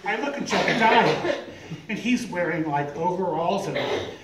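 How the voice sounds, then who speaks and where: An older man telling a comic story live on stage, animated and self-mocking, acting out voices. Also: high-pitched, normal speed. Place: live event venue on stage. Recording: echoey room, distant, noisy.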